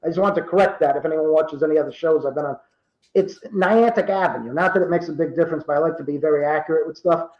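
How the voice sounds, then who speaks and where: A man in his fifties from Rhode Island, telling true stories in casual talk and acting out the quoted dialogue with lively energy. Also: fairly high pitch, quick pace, roomy sound, lo-fi sound. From Rhode Island, USA. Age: 50s. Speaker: guest. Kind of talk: casual storytelling.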